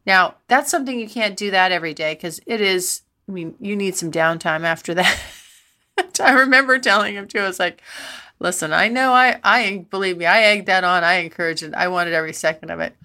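A woman's voice: fairly low pitch, fairly quick, bright, forceful tone. A woman, middle-aged, hosting a podcast and telling frank personal stories in a rambling, breathless way, laughing often. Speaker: podcast host. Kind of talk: candid personal storytelling.

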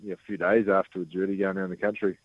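A middle-aged man calls in to a radio interview. He talks in an easygoing, halting way, full of ums and uhs. His voice comes through a narrow, tinny phone line with no room sound. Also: sits low, husky, no echo. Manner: relaxed, hesitant, many fillers. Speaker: former rugby captain guest.

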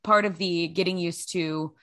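A woman's voice: fairly low pitch, steady tone, unhurried, bright, forceful tone, no room sound. Dry-sounding self-deprecating woman chatting. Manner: self-deprecating, rambling with restarts. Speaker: podcast co-host. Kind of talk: casual chat.

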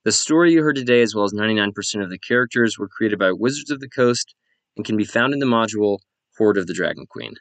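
A man reads end credits for a podcast in a brisk, even delivery. His voice sits low for a man. The sound is dry and close. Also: no echo. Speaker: podcast player and credits reader.

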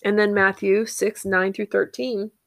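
A woman's voice: medium pitch, level tone, measured pace, creaky, no room sound. Woman, 30s, faith podcast host, earnest and rambling, dry close sound. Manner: earnest, rambling with many fillers.

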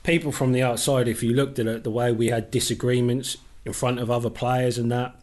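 Man, middle-aged, podcast guest, animated storyteller, casual swearing, medium pitch. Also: fairly quick. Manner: animated anecdotes, swears freely. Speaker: podcast guest, former footballer.

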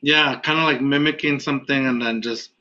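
Man from Mexico, podcast host, bright tone, rambling and relaxed; lo-fi sound. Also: medium pitch, a little fast. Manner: laid-back, rambling, many fillers. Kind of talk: casual podcast chat. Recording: dull lo-fi audio.

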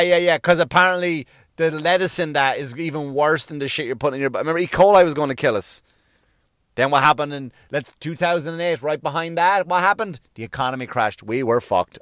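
A man's voice: a little high, a bit bright, dry recording, clean studio sound. A man, ranting sarcastically with lots of swearing and rhetorical questions in a comic monologue. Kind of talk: profane comic rant.

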